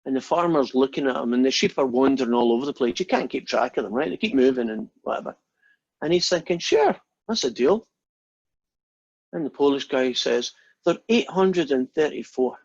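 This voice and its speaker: Over a video call, a male lecturer talks informally with his class, rambling and cracking jokes between explanations and fielding questions. He speaks quickly at a medium pitch, his husky voice coming through dull, lo-fi audio.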